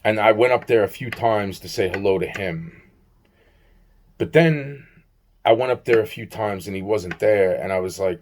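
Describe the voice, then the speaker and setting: A fairly low-pitched man speaking at normal speed vlogs a rambling account of a bizarre encounter. The story is profane, he plays out both halves of the conversation, and he repeats himself often.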